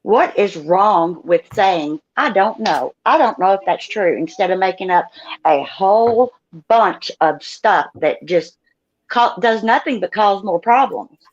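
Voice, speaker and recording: A woman's voice: mid-range voice, animated, measured pace. Woman with a pointed, challenging tone, dull audio. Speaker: panel questioner. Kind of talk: confrontational questioning.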